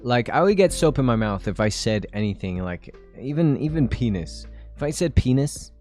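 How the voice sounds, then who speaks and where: A man's voice: mid-range voice, expressive, normal speed, a little mellow, soft background music. A man in his twenties chatting casually on a live stream, rambling and laughing often.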